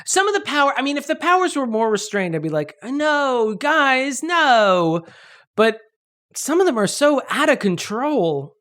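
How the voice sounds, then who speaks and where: A woman's voice: on the high side, sing-song, a little fast, a bit bright. A woman co-hosting a podcast, chatting casually about a movie and joking and laughing often. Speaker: podcast co-host. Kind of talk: casual movie-review chat.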